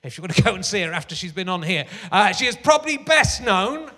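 Bright high-voiced man hosting on stage. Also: sing-song, fast. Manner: rambling, self-mocking, lots of fillers and restarts. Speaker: host of a live comedy talk show. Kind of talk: stand-up style chat on stage. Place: large theatre stage before a live audience. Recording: long theatre reverb.

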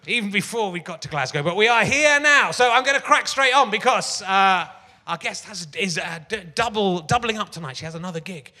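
A man's voice: sits high, expressive, fairly quick, pushed and bright. A man hosting a live comedy talk show on a theatre stage, rambling and self-mocking with plenty of fillers and restarts. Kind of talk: stand-up style chat on stage. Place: large theatre stage before a live audience. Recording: long theatre reverb.

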